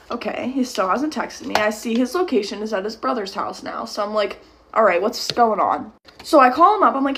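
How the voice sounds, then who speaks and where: Young woman, casual storytime vlogger, slightly high voice, rambling and worked up. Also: a bit bright. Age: young adult. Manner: rambling, heated, swears, many "like" fillers. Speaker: storytime creator. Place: at home at a mirror.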